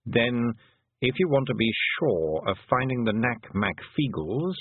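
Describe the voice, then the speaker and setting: A man voicing a gloomy, cautious male toad who speaks slowly and hesitantly. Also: mid-range voice, very animated, husky, no echo. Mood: mournful. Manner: slow, hesitant, with ums. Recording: dry, phone-like narrow sound.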